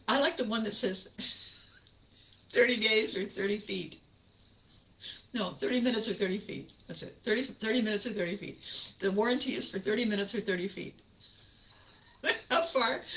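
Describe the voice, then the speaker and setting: A woman hosting her own channel, talking casually to viewers, laughing often and drifting into slow, reflective musing. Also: mid-range voice, a bit bright. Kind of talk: casual livestream chat with viewers.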